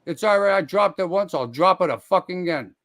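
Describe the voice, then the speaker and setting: A man's voice: high voice, lively intonation, brisk, dry recording. Profane, ranting man on a live stream. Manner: profane, confrontational, calls out people by name; rambling, with frequent restarts and sudden loud outbursts. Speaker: live streamer hosting his own stream. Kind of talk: heated live-stream rant.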